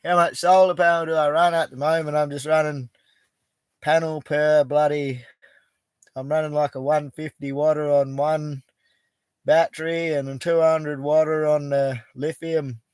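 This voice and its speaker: A man's voice: on the high side, level tone, unhurried, clean tone, no echo. A middle-aged Australian man hosting a casual live chat from an outback bush camp, talking in a blunt, laid-back way and swearing freely. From Western Australia. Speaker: livestream host.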